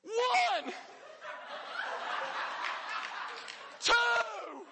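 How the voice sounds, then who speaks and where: A preacher putting on an excited man hollering a count across a room, his voice jumping very high and thin. The shouting rings out with a long church reverb. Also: drawn-out words, vocal fry, a little hiss or hum, exaggerated voice.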